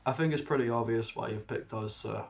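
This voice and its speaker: A man voicing a weary, dutiful veteran male detective in a tabletop game, speaking in a measured, hesitant way. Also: medium pitch, gravelly, faint music behind, natural voice. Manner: measured, hesitant speech with restarts. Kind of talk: tabletop role-play in character.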